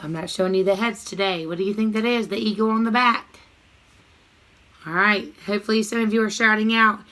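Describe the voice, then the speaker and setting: Bright, sing-song woman teaching young kids. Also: mid-range voice, fairly even intonation, a little fast. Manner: cheerful sing-song, sings short rhymes. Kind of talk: recorded online math lesson for young children.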